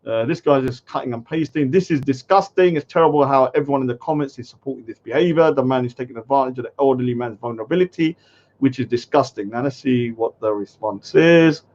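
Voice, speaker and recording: A man's voice: mid-range voice, fast talker, a little mellow, lo-fi sound. A man hosting a commentary show, reacting bluntly and indignantly to online comments. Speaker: commentary host.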